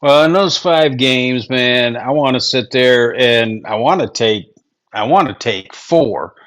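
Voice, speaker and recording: A man's voice: medium pitch, slow, a bit bright. Easygoing man in casual sports chat. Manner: easygoing, lots of fillers like you know. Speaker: podcast co-host.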